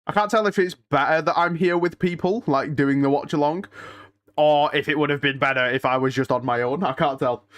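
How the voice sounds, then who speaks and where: A young man hosts a live watch-along, casually chatting with viewers and reading and answering chat, restless and emotional, often sighing and muttering to himself. His voice is a little high and a little fast, with a fairly bright tone.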